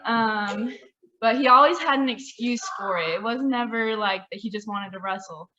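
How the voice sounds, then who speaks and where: A woman with a bright, forceful voice and a fairly high pitch tells a family story in a casual way. She stays animated and laughs along with her own memories. The sound is a little muffled. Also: moderate pace. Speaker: family member sharing memories. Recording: slightly muffled audio.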